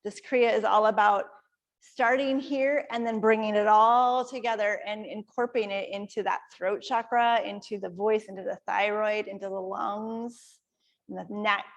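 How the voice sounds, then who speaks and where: A woman from Iowa, a kundalini yoga teacher, calmly explaining breathing and practice to a class in a conversational way. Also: mid-range voice, creaky. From Iowa, USA. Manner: calm, conversational, explaining step by step. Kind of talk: guided yoga class instruction.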